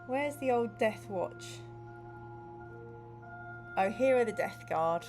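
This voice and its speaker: A woman's voice: a little high, lively intonation, slow pace, a little mellow, soft background music. Chatty woman hosting a gamebook stream. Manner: reads viewer comments aloud, chatty and playful; narrates the gamebook text with dramatic flair. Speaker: host playing a gamebook. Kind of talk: casual game playthrough chat.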